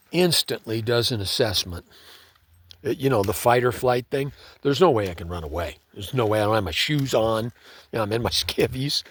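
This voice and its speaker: A man's voice: medium pitch, husky. A man telling a story in a laid-back, conversational way, often saying "man". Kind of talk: casual spoken storytelling.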